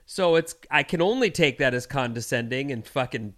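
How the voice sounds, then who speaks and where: A male podcast co-host telling a story in casual chat. He sounds exasperated, swears freely and drops into voices. His pitch rises and falls a lot. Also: animated, moderate pace, a bit bright.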